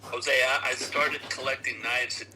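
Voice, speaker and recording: A man as a guest on a casual live chat, talking in a thoughtful, measured way. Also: mid-range voice, steady tone, sharp tone, a little hiss or hum, low-quality recording.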